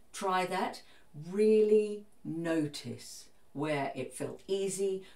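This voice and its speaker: A woman giving a vocal coach's step-by-step singing lesson, with calm, encouraging instructions. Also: lowish voice, reverberant, distant mic.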